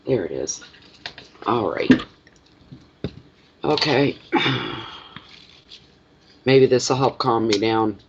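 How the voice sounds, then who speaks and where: A man's voice: mid-range voice, animated, very slow, pauses often. Lo-fi stuffy-nosed man rambling. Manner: rambling, talks to himself while preparing. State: stuffy nose. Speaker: card reader. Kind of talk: casual live card reading. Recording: lo-fi with clear background noise.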